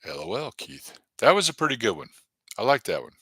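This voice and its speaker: A man's voice: lowish voice, very animated, a little fast, fairly bright tone, slightly rough, no room sound. A man hosting his comedy channel on a live stream, chatting casually and rambling between jokes with lots of fillers. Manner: rambling, jokey, many fillers.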